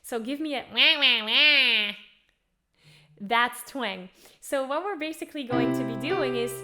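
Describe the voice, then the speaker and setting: A woman vocal coach guiding singers through warm-up exercises, encouraging them and demonstrating by singing along. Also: high-pitched, expressive, moderate pace. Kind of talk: guided vocal warm-up lesson. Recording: faint piano music under voice. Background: piano accompaniment.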